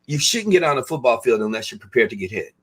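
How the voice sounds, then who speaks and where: A man's voice: mid-range voice, big pitch swings, quick pace, a bit bright, husky. A man hosting a casual chat show over a video call, talking in long, rambling, effusive runs full of fillers. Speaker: host.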